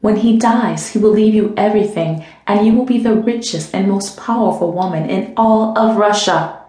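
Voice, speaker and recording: Woman reading as smooth male seducer, coaxing, low urgent voice, roomy echo. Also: normal speed, mellow, natural voice. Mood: seductive. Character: seductive male lover of a duchess.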